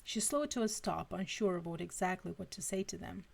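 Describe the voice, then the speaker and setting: Woman reading fanfic out loud on a stream, gravelly fry, expressive, tosses in little asides. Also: lowish voice, a little fast. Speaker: fanfiction reader. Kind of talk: live-stream story reading.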